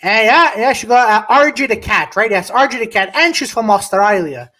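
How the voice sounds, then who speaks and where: Co-hosting a live podcast, a man talks at a moderate pace in a high, expressive voice. He tells a meandering story, swearing a lot and restarting often, and pauses partway through to greet viewers in the casual live-stream chat.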